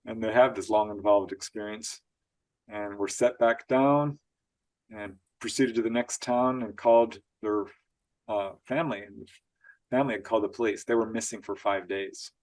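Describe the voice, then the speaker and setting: A man guest on an interview show, telling strange stories in an animated way, laughing often and acting out quotes. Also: lowish voice, normal speed. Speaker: author guest. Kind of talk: storytelling interview.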